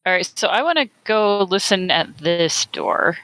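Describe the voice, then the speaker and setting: A woman with a bright, sharp-edged voice plainly announces what her character does in a tabletop game. The recording is close and dry. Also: fairly low pitch, animated, unhurried, no room sound. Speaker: player.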